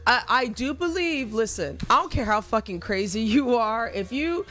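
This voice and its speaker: A woman's voice: on the high side, expressive, moderate pace, fairly bright tone, soft background music. Frank, swearing woman in casual talk. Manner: frank and loose, swears freely and leans on "you know". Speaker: radio show co-host. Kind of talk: casual chat.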